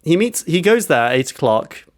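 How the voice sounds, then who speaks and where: A man's voice: on the high side, moderate pace, no echo. Guy retelling a movie scene on a podcast, acts out the lines, dead dry mic. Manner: animated storytelling, acting out quotes. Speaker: podcast co-host. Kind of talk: casual chat.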